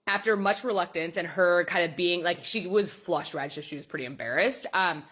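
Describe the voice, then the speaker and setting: A young woman studio photographer retells a client story in a storytime vlog. Her delivery is blunt, animated and full of swearing, in a somewhat low voice. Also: normal speed. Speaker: boudoir photographer and studio owner.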